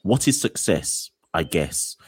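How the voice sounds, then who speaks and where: A man's voice: low voice, sing-song, slow, breathy edge, no echo. A man hosting an interview podcast, thinking aloud as he works out his questions and often restarting them. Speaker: podcast host. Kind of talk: conversational interview.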